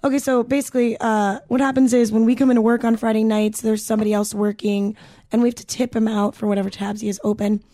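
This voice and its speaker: Young woman chatting, warm mellow voice, says like and um a lot, swears easy. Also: on the high side, little pitch movement, fast talker, no room sound, studio quality. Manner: casual swearing, lots of fillers. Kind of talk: casual chat.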